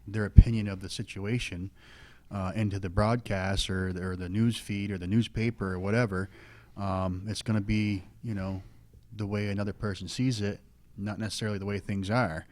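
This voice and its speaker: A man's voice: lowish voice, fairly even intonation, moderate pace, a little mellow. A man in his thirties, a local stock car driver, chatting casually and rambling with lots of fillers. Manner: plainspoken, rambling with many fillers. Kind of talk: casual radio talk.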